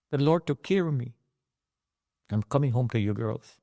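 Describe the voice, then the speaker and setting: Middle-aged male storyteller, very lively delivery that mimics others' voices, close-miked. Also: medium pitch, moderate pace, gravelly, dry recording. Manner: animated, acts out the voices of the people in his story. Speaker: survivor telling his story. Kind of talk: emotional personal storytelling.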